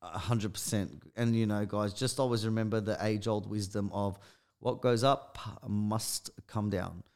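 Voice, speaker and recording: A man's voice: fairly low pitch, fairly even intonation, unhurried, a little mellow, smooth. Emphatic Australian man, podcast co-host. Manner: emphatic, keeps addressing listeners as guys. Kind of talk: casual podcast chat.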